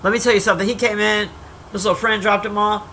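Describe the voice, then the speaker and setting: Poor audio with a little hiss or hum captures this livestreamer's medium-pitched, somewhat bright voice, its intonation fairly even. She profanely tears into a movie, needles a chat that never answers, and meanders through restarts and long tangents.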